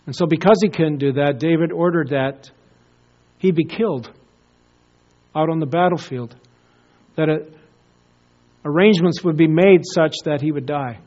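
A man's voice: on the high side, normal speed, pauses often. Earnest male pastor preaching, dull lo-fi. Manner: earnest storytelling, swinging between emphatic peaks and hushed solemn drops. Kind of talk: sermon.

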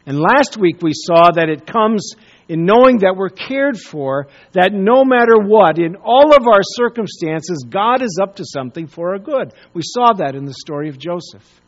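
A man preaching a sermon, telling a story with pauses and repeated words. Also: high voice, animated, lo-fi sound. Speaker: pastor.

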